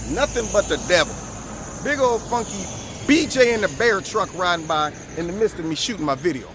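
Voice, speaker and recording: A man hosting a vlog, giving an animated, preachy political monologue outdoors on camera. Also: sits high, brisk, background noise. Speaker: vlog host. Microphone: camera recording himself.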